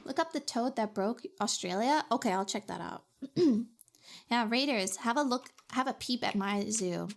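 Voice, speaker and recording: A woman's voice: a little high, lively intonation, normal speed, creaky. A young woman chatting playfully with her viewers on a live stream, giggling often. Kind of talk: casual live-stream chat.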